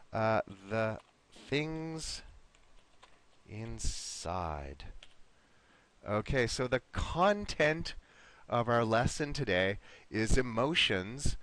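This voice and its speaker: A man's voice: medium pitch, a bit bright. A man teaching an online English lesson, patiently encouraging his students and modeling pronunciation word by word.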